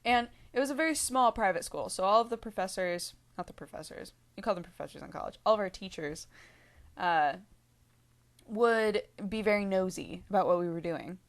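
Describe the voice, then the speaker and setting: A woman's voice: medium pitch, expressive, a little fast. A young woman telling a rambling story to her vlog viewers, full of fillers, asides and giggles. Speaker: vlogger.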